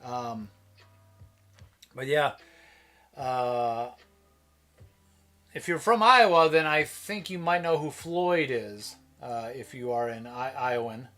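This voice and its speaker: A man's voice: mid-range voice, lively intonation, slow pace, long pauses, pushed and bright. A man from Minnesota hosting a live stream, chatting casually in a rambling way that keeps breaking off and restarting. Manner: rambling, self-interrupting, chatty.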